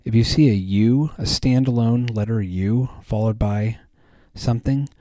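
Guy with a lowish mellow voice rambling on his podcast, lots of ums, dry sound. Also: a little slow, no echo. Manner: rambling, many fillers and restarts. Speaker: podcast host. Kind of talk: casual chat.

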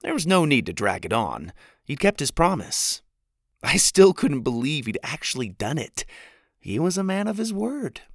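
A man narrating a storybook in the first person with an expressive delivery. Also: on the high side, moderate pace, no room sound, studio quality. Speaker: audiobook narrator.

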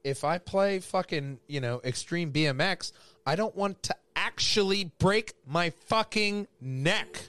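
This is a man hosting a casual podcast. His voice sits a bit high and swings widely in pitch. He reads out geek news with loose, excited energy and drops swear words freely. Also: unhurried, dry recording. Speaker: podcast host.

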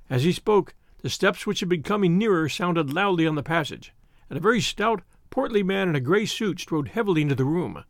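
A man reading a classic detective story aloud with a measured, expressive delivery. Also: high-pitched, no echo, studio quality. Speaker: audiobook narrator.

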